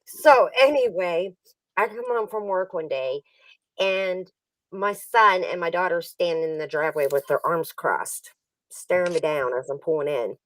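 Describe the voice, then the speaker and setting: A woman's voice: fairly low pitch, unhurried, no echo, distant mic, low-quality recording. A middle-aged woman hosting a livestream, telling a family story in casual chat and laughing often. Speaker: livestream host.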